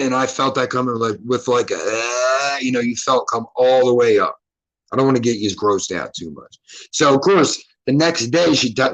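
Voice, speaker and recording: A man hosts his own show and tells a long personal story in a casual, rambling way. He curses freely and breaks off his sentences to start again. His voice sits at an ordinary middle pitch for a man. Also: poor audio. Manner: loose, rambling, profane and self-interrupting. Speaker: podcast host.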